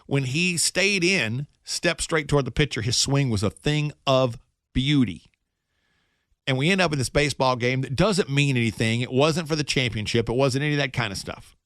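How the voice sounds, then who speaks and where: A middle-aged man, a radio host, telling a personal story in a casual, animated monologue with self-mocking jokes. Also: mid-range voice, moderate pace, no room sound, clean studio sound.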